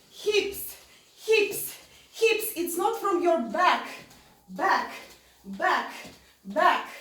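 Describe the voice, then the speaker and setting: A woman's voice: sits high, fairly bright tone, far from the mic. A woman teaching an online dance class, repeating short coaching cues and counting out beats. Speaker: dance instructor. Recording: echoey room, voice from off-mic.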